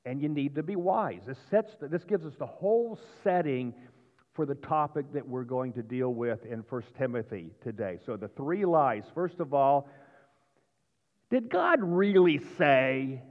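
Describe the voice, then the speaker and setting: A male pastor preaching a sermon in a folksy, animated way, sometimes raising his voice. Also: medium pitch, moderate pace. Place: church sanctuary. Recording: dull sound with long church reverb.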